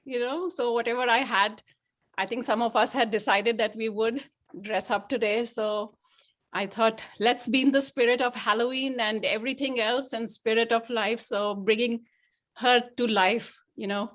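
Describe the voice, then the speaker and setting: A woman's voice: a little high, steady tone, moderate pace, fairly bright tone. A woman artist chatting cheerfully on a video call, laughing between phrases. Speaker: participant, artist. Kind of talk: casual chat on a video call.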